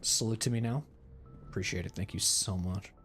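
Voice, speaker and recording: A man streams a video game, rambling and cursing as he chats casually over soft background music. His voice sits on the low side with a fairly bright tone and a moderate pace.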